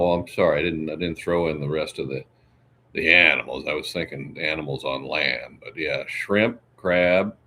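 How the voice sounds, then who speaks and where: A man's voice: very deep voice, sharp tone, a little hiss or hum. A man hosting a casual livestream, rambling through chat questions and answering them one by one. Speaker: livestream host.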